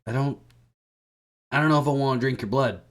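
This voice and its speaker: A man's voice: medium pitch, fairly quick, voice pushed up, close to an everyday voice. A man voicing bewildered, reluctant male apostles who hesitantly go along, in comedic storytelling. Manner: hesitant, shrugging, going along.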